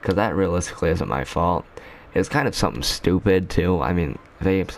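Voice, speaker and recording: Low-voiced guy rambling through a storytime. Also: normal speed, slight background noise. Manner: rambling, slangy, lots of fillers. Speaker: YouTuber. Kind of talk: casual storytime vlog.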